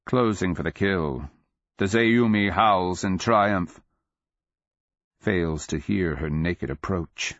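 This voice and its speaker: A man narrating a fantasy audiobook in a measured, grave, deliberate way. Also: deep voice, fairly bright tone, dry recording. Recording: dull lo-fi audio.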